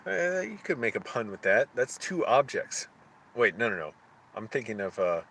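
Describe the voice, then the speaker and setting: A man streaming live, thinking aloud in casual chat, halting often as he searches for names. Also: mid-range voice, big pitch swings, fairly bright tone, breathy edge.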